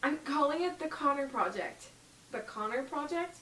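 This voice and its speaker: A woman's voice: high voice, expressive, moderate pace, fairly bright tone, slight background noise. A woman reading the lines of an awkward, nervous teenage boy in an audition, with hesitant, stumbling delivery. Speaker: audition reader. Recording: echoey room, from far off.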